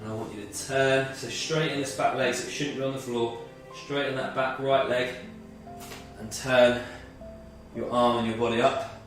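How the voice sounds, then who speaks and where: A man's voice: medium pitch, fairly even intonation, moderate pace, very echoey, recorded from a distance, soft background music. A man leading a guided movement and mindfulness workout as a fitness instructor, slightly out of breath, talking through each move step by step. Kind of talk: guided exercise class.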